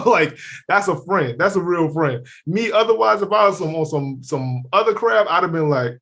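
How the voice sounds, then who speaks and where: A man co-hosting a podcast in casual chat, animated and profane, acting out quoted people in funny voices. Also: on the high side, moderate pace. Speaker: podcast co-host.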